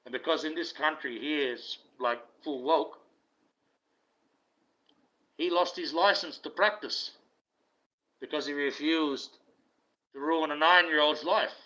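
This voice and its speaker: A man's voice: fairly high pitch, slow pace, long pauses, sharp tone. Blunt, profane man ranting. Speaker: self-styled online preacher. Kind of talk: ranting monologue. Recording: dull lo-fi recording.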